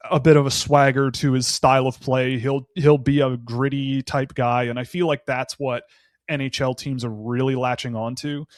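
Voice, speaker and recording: A man breaking down hockey prospects in a loose, thinking-aloud way. He restarts his sentences often and stacks up qualifiers. His voice is mid-pitched and recorded close and dry, with no room sound. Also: dry recording. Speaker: draft analyst guest. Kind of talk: casual podcast analysis.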